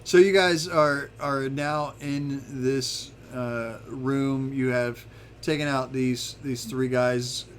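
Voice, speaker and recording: A man running a tabletop game as game master, narrating in a relaxed, rambling way with many restarts. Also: mid-range voice, slow pace, a little hiss or hum.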